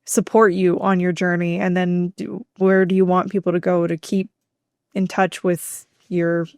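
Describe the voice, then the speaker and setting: A woman's voice: lowish voice, level tone, a little slow, a little mellow, no echo, studio quality. A woman co-hosting a podcast, asking an interview guest questions in an inquisitive way. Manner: inquisitive, laughs between questions. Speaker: podcast co-host.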